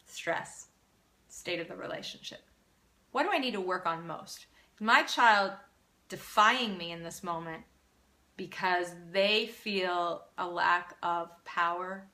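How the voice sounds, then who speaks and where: A woman with a fairly low, sharp-toned voice works as a parenting coach. She's answering questions on an informal live stream, sounding encouraging and earnest, and she frequently begins her sentences again.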